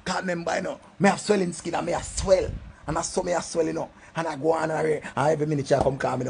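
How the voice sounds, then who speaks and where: Middle-aged Jamaican man, gravelly voice, rambling comic storyteller, drops low then erupts loud. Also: fairly even intonation, rapid-fire, slight background noise. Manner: swings from low mutters to loud outbursts. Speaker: comedic storyteller.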